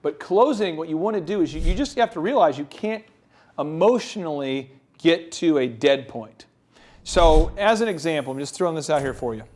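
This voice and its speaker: A man in a casual business podcast chat with a fairly high voice that climbs and falls as he tells jokey stories. He is animated and self-deprecating, often dropping into quick impressions of the people he describes. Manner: animated storyteller, acts out other people's voices.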